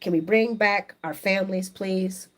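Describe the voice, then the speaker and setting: Her voice is mid-range and her pace measured as she hosts a soap opera recap live stream. Reading viewer comments aloud, she shares chatty, opinionated views, animated and quick to laugh.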